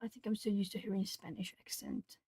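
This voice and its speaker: A woman's voice: medium pitch, fairly even intonation, fairly quick, dark tone, slightly rough, dry recording, studio quality. A Brazilian woman from the south of Brazil, chatting casually with viewers and thinking aloud while she colors on an art stream.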